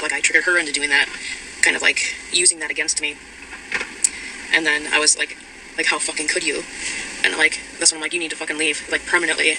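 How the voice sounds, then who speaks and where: A woman recounting a personal account in a voice note, hesitant, with many ums and restarts. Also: deep voice. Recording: voice note with loud background noise.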